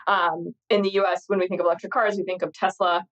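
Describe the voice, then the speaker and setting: A woman's voice: on the low side, level tone, fast. Tired, chatty woman podcast host. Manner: chatty, rambling, laughs often. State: tired, jet-lagged. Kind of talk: casual chat. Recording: slightly dull lo-fi sound.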